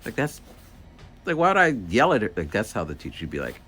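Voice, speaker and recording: Walking outdoors, a teacher's aide rambles through a casual vlog story and acts out voices. His lowish voice is sing-song, a bit bright and slightly rough, and he talks fast.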